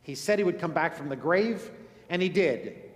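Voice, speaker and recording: A man's voice: fairly high pitch, moderate pace. Man preaching in an echoey hall. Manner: earnest, swings from emphatic to hushed and solemn. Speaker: pastor. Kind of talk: sermon. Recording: echoey hall with long reverb.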